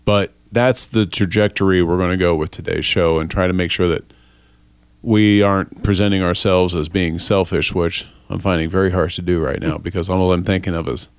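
Man, podcast host, casual faith talk, low voice, dry recording, relaxed and rambling. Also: moderate pace, clear, resonant tone, no echo. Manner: relaxed, rambling, self-deprecating.

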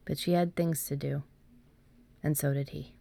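A woman, an author, reading her own story aloud in a measured way and then chatting about it with hesitant fillers. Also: deep voice, fairly even intonation, gravelly, mellow. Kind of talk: storybook narration, then casual chat.

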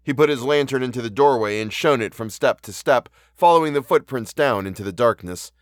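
A man hosting a podcast and reading a horror story aloud in a measured, earnest way. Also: medium pitch, no echo, clean studio sound. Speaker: podcast host and audiobook narrator.

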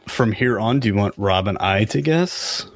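A man's voice: fairly low pitch, animated, moderate pace. A man co-hosting a podcast, chatting casually with wry, teasing remarks. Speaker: podcast co-host. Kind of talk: casual chat.

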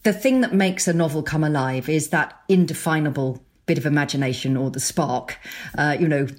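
Middle-aged woman author talking about her books, kinda low voice, animated, laughs a lot. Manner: animated, laughs often, quick restarts. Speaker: novelist guest. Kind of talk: casual interview chat.

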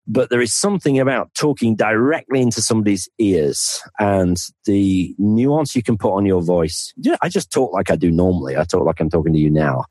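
Low-ish and animated, this Northern English voice moves a little fast with hardly a pause, dark in tone and recorded dry. He's a financial planner guesting on a podcast, chatty and self-deprecating, quick to laugh during the casual interview.

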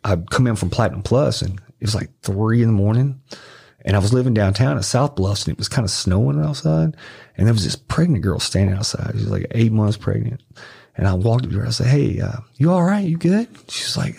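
A middle-aged man from Arkansas, guesting on a podcast, tells rambling, profane stories in casual chat. His voice is brisk and creaky with a darkish tone and a breathy edge, and he swears freely and acts out other people's lines in a high voice.

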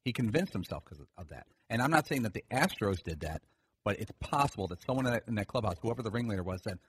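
A man's voice: lowish voice, expressive, fast talker, slightly rough. A man co-hosting sports radio, explaining a point at length in a storytelling way. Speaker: radio show co-host. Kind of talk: sports talk radio discussion.

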